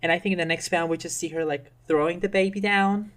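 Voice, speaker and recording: A woman's voice: fairly low pitch, steady tone, fast talker. A woman on a podcast, casually retelling a comic chapter and acting out characters' lines. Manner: chatty, acts out characters' lines while telling. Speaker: podcast guest. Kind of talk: casual chat, recapping a comic.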